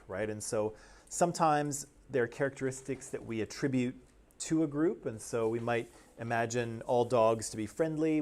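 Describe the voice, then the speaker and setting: A man's voice: medium pitch, darkish tone. A man from Canada teaching a class, explaining things step by step and checking in with his students. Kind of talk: classroom lecture.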